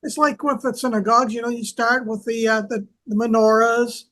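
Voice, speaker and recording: Halting, explanatory scholar. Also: male voice, very high-pitched, level tone, a bit bright. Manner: hesitant, lots of fillers, explanatory. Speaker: co-host, archaeology scholar. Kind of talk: casual educational discussion.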